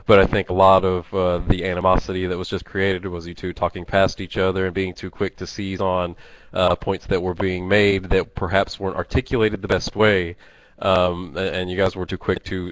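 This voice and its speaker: A man with a very low voice steps in to mediate a heated voice-chat debate. He talks hesitantly, with many fillers and restarts, in a calm, conciliatory way. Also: moderate pace, dry recording, poor audio. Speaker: moderator and mutual friend.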